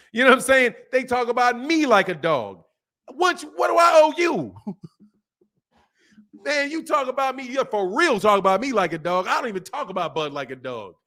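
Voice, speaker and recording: Man, high voice, boxing livestream host, casual slang, laughing, animated. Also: normal speed. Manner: animated, laughs often, drawls slang, mimics others. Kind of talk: livestream commentary, reading super chats.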